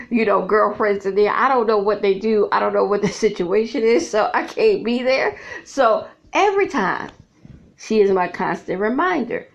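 A woman's voice: medium pitch, vocal fry. A middle-aged woman, a vlogger and author, talking frankly and casually to her viewers and laughing often as she tells her stories. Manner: frank, chatty storyteller who laughs often. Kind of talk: candid casual monologue to viewers. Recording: slightly dull lo-fi audio.

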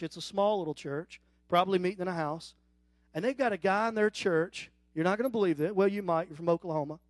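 Pastor, male, high voice; emphatic sermon delivery with questions to the crowd. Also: dry recording, clean studio sound. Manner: preaching with rhetorical questions and emphatic rises; teasing the congregation.

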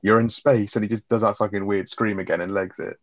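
A man's voice: on the low side, flat delivery, fast talker, no room sound. A man co-hosting a casual film review chat, swearing freely as he retells scenes. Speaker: film review podcast co-host.

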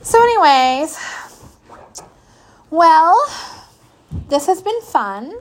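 A woman's voice: sits high, big pitch swings, very slow. A middle-aged woman telling brash, profane stories about her kids in casual chat. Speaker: podcast host. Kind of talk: casual storytelling.

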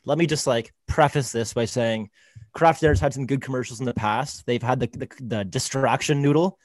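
A man's voice: medium pitch, dry recording. A young man in casual chat, laid-back and full of "like"s. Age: young adult. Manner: fast, laid-back, many "like"s. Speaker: podcast co-host.

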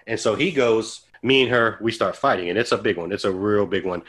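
A man with a fairly low voice tells a story on a casual podcast. He acts out what each person said in lively snippets of dialogue. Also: a little fast. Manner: animated storyteller who acts out quoted dialogue. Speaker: podcast co-host.

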